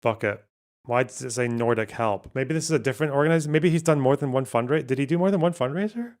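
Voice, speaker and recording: A male streamer talks loosely over clips he is watching, with a middle-pitched voice, quick curses and frequent laughter. His delivery is offhand and self-mocking, and he stumbles as he reads translations aloud on the fly. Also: a little mellow. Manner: casual, profane, laughs often, self-mocking. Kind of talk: live-stream commentary.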